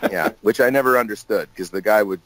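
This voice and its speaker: A man's voice: fairly low pitch, fast talker, fairly bright tone, poor audio. A man being interviewed as a guest actor, telling loose, jokey stories in casual chat with plenty of laughs and restarts.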